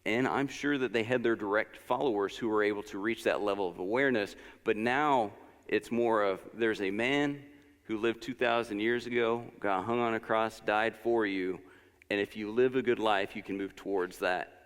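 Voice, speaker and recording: A man's voice: fairly low pitch, normal speed. A man giving a casual, conversational sermon at a church service, encouraging and full of personal anecdotes and asides. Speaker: lesson speaker at a church service. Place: church sanctuary. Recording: long church-hall reverb.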